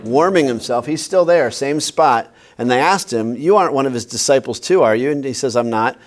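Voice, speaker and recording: A man's voice: medium pitch, a little fast. A man, a pastor, teaching a Bible class in a conversational way, often quizzing his listeners with questions.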